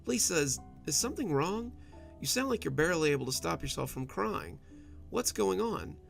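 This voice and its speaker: A man voicing an anxious young husband on the phone in a read-aloud story, asking halting questions. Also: fairly high pitch, lively intonation, creaky, soft background music, pitched above the performer's own voice. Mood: worried. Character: worried young husband stuck in traffic.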